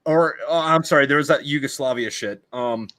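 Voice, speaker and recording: Profane, ranting man, bright voice. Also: on the high side, fairly quick, dry recording. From United States. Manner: profane heated ranting with stammered restarts. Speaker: podcast host. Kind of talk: casual podcast chat. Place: video podcast recording.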